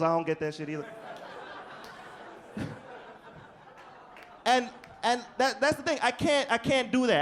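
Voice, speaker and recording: A man doing a casual, profane stand-up comedy set on a comedy club stage, telling stories with energy. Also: high voice. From New York. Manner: casual, profane, animated storytelling.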